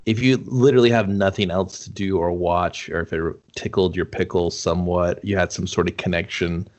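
Deep-voiced laid-back man. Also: fairly even intonation, fairly quick, a little mellow. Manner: laid-back, profane, laughs often. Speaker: podcast co-host. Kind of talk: casual chat.

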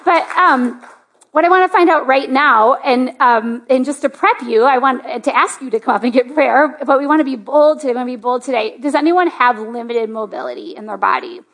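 A woman pastor speaks to her church in a chatty sermon. Her voice sits high, and she fills her story with "like". She often lifts into eager excitement. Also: brisk, few pauses. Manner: chatty, lots of "like", rising to excited. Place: church sanctuary.

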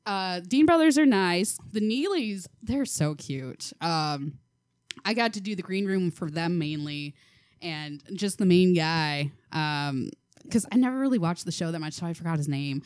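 A woman's voice: lowish voice, a little slow, dry recording. A young woman chatting as a podcast guest, telling stories with lots of laughs and filler words. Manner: animated storyteller, laughs often, many ums. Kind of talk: casual chat.

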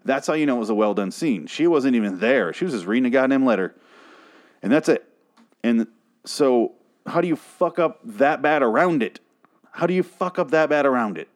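A man's voice: mid-range voice, expressive, normal speed. A man hosting a solo podcast, ranting about a TV episode in a profane, exasperated and sarcastic way. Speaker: podcast host reviewing a TV show.

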